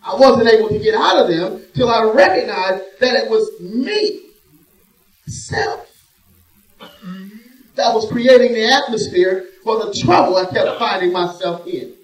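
A man preaching a sermon in a church, swinging between hushed, drawn-out phrases and loud emphatic bursts. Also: sits high, expressive. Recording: echoey room, voice from a distance.

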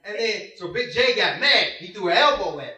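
Male preacher, high and bright, animated storyteller, distant echoey church hall. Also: a little fast. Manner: animated storytelling, acts out voices, laughs often. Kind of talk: sermon with a personal story. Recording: roomy hall heard from afar.

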